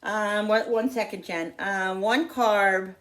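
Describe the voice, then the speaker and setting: A woman talking casually to the camera in her home kitchen, chatty and quick to vent when annoyed. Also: medium pitch. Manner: chatty, animated, prone to exasperated venting. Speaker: home cooking vlogger.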